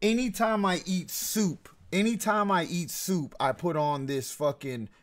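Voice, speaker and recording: A man's voice: sits high, unhurried. A man in his thirties hosting a casual podcast, joking, slangy and asking his guests questions. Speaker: podcast host.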